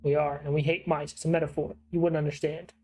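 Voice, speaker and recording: A man's voice: a little high, little pitch movement, quick pace, darkish tone, lightly acted. A man voicing a rude, swaggering young punk gang member while reading game dialogue aloud. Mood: cocky.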